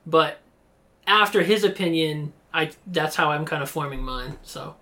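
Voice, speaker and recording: A man's voice: a little high, measured pace. A man co-hosting a podcast in casual, rambling chat with friends. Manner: relaxed, rambling, chuckling. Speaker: podcast co-host.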